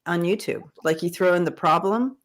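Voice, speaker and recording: A woman's voice: on the low side, normal speed. A middle-aged woman hosting a casual livestream chat, talking in a rambling way with many restarts. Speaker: host.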